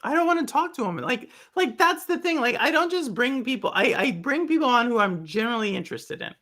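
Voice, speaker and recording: A woman's voice: on the high side, lively intonation, brisk, a bit bright. A woman from Houston with a light Texan twang, hosting a podcast in blunt, questioning casual chat. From Houston, Texas. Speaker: podcast host.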